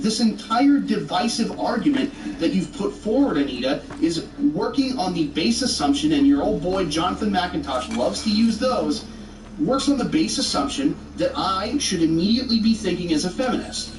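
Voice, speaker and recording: A man's voice: high voice, animated, normal speed. A man giving argumentative commentary, rebutting a video in a sarcastic, exasperated rant. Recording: roomy, distant with faint noise.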